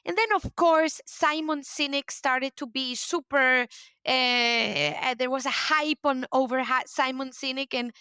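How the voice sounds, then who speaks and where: A woman's voice: sits high, a little slow, bright, forceful tone, clean tone, dry recording. A woman with a Spanish accent, a guest in an interview, telling her story with enthusiasm and many fillers. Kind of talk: casual interview talk.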